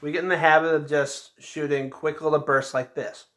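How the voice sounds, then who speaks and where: A male band teacher gives a patient, step-by-step lesson, pausing often to check that students follow along. His voice is bright and sits a bit high for a man, and he keeps his instructions plain and encouraging. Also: flat delivery.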